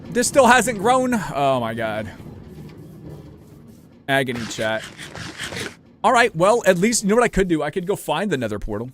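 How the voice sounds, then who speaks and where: A young American man streaming a game and chatting loosely with viewers, his pitch swinging up and down as he rambles and swears. Faint rain patters in the background of the recording. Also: big pitch swings, moderate pace, pauses often, fairly bright tone, slight background noise. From United States. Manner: rambling, loose and profane, talks to chat. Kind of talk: casual live-stream chat while gaming.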